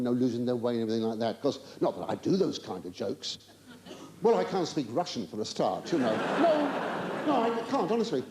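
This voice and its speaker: Medium in pitch and a little mellow, a stand-up comedian teases his theatre audience in a chatty manner. He performs live on a big stage, stammering through flustered asides and denials delivered with mock indignation, and the recording picks up the crowd's laughter along with hiss.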